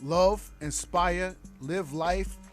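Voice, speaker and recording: A man chatting as a podcast guest, telling stories in an animated way and laughing as his voice jumps up when excited. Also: high-pitched, drawn-out words, soft background music. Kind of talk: animated storytelling chat.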